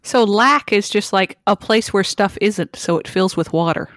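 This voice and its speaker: A woman's voice: medium pitch, normal speed, a bit bright, no room sound, clean studio sound. A woman co-hosting a comedy podcast, making wry remarks. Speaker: co-host. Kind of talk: casual comedic chat.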